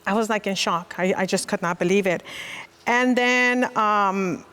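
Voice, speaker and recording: A woman's voice: medium pitch, unhurried, fairly bright tone, clear, resonant tone. A woman in her forties, a child protective services worker, giving an earnest, reflective personal testimony. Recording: long reverb.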